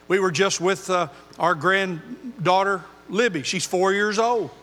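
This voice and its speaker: An older man preaching a sermon as pastor, earnest, moving between loud emphasis and quiet intensity. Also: sits high, unhurried, long reverb tail.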